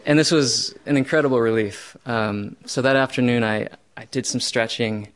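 Young male storyteller, mid-pitched, self-mocking, bursts loud when recounting his panic. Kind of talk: first-person true story.

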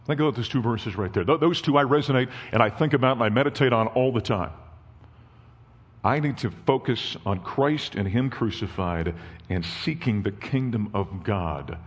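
A man's voice: medium pitch, lively intonation, moderate pace, breathy edge, big-room sound. A man in his fifties giving a sermon as a guest speaker, telling personal family stories in a folksy way. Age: 50s. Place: church.

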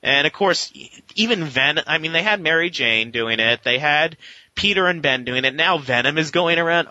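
Guy on a podcast rambling through a comic recap, really bright forceful voice, dry dull-ish recording. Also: on the high side, normal speed, no echo. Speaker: podcast co-host. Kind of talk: casual comic book review chat.

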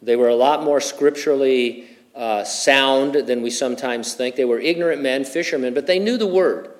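A man's voice: mid-range voice, normal speed. A middle-aged man preaching a verse-by-verse sermon, conversational in tone with humorous personal asides. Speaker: pastor. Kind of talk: expository sermon.

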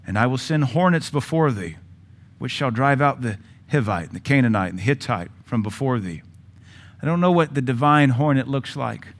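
Man preaching, middle-aged, mid-pitched voice, swings from loud to hushed. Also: expressive, normal speed. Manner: forceful preaching with sudden loud rises and quiet drops. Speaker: pastor. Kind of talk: sermon.

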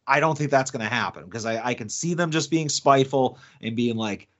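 On a podcast with a dull, lo-fi sound, a male co-host chats casually, rambling with many fillers and restarts. His mid-range voice is fairly bright with lively intonation, and he talks at a moderate pace with hardly any pauses.

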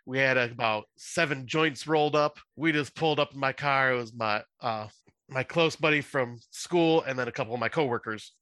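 A man's voice: mid-range voice, moderate pace, bright, forceful tone, no echo. A man in his thirties, co-hosting a podcast in easygoing, rambling casual chat. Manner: easygoing, rambling, lots of uh fillers. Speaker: podcast co-host.

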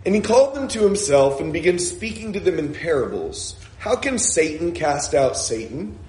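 Male preacher, somewhat high voice, conversational sermon with Scripture reading, loose delivery with "uh"s, echoey church room. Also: sing-song, moderate pace, darkish tone. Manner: conversational, with frequent "uh" and self-corrections.

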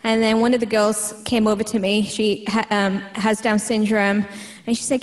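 A woman's voice: mid-range voice, little pitch movement, normal speed. A woman from the United Kingdom, co-hosting a podcast and telling an anecdote in casual chat.

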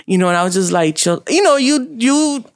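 A woman's voice: a little high, brisk, no echo, clean studio sound. Swearing woman telling stories. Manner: animated storytelling, swears freely, laughs often. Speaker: social worker. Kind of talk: casual chat.

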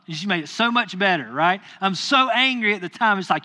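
Bright animated male pastor preaching. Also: high-pitched, quick pace, few pauses. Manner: animated, acts out his own anger in quoted lines. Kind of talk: sermon storytelling.

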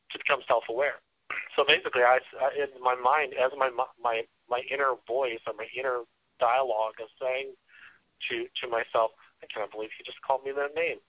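A man talking earnestly as a radio guest, often restarting and filling pauses as he explains his ideas. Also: medium pitch, steady tone, dry recording. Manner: earnest, with frequent restarts and fillers. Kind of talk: casual interview talk. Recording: dull lo-fi radio sound.

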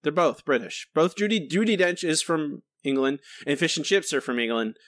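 Sarcastic, lively-voiced man co-host. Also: on the high side, normal speed, dry recording. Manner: playfully sarcastic, mock-explaining. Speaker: podcast co-host. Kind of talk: casual chat. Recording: dry podcast mic.

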